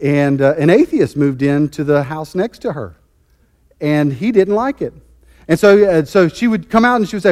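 High-pitched guy preaching, fervent, keeps restarting his lines. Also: animated, brisk, a little mellow. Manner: fervent, emphatic, repeats and restarts phrases. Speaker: pastor. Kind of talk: sermon.

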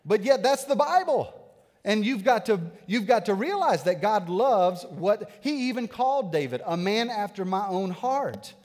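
A man in his thirties preaching a sermon as a pastor, animated, swinging between loud bursts and hushed asides. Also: sits high, measured pace, long reverb tail. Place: church sanctuary.

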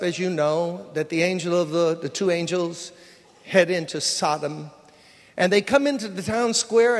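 A man with a high voice preaches in a casual storytelling manner, slipping into the voices of the people he describes. He is in a large church hall, and his voice rings with a long reverb. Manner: conversational storytelling, acts out dialogue. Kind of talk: sermon.

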